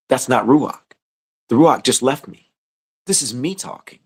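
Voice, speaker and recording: Male preacher for a scripture study, mid-pitched, conversational teaching that climbs to fervent exhortation. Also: unhurried, long pauses, slightly rough. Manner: builds from calm conversational teaching to raised, urgent exhortation; acts out inner thoughts as quoted prayers.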